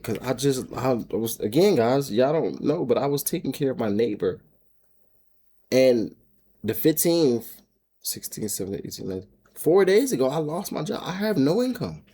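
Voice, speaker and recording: A man with a husky, mellow voice tells a personal story straight to his viewers. He rambles, restarts his sentences and breaks into laughs, getting more emotional as he goes. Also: mid-range voice, expressive, measured pace. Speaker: homestead vlogger. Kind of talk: casual storytelling to camera.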